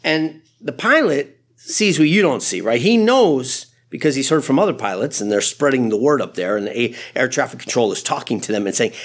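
A man who is a pastor, preaching a sermon in an animated, conversational way with frequent asides. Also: mid-range voice, fairly quick, hardly any pauses.

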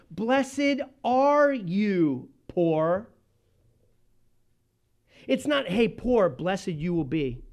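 High-voiced man preaching with fervor. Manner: impassioned preaching with sudden loud and slow emphatic phrases. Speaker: pastor. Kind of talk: sermon.

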